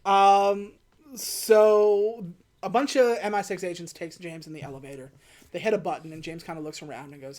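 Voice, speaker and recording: A woman's voice: on the low side, normal speed. A woman co-hosting a podcast, casually recapping a film and acting out its lines, laughing often. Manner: animated, acts out lines in character, laughs often. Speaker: podcast co-host.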